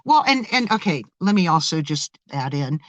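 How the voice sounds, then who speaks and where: A woman guest telling a story in a casual interview, animated and excitable, often restarting and stammering. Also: deep voice, normal speed, dry recording, lo-fi sound.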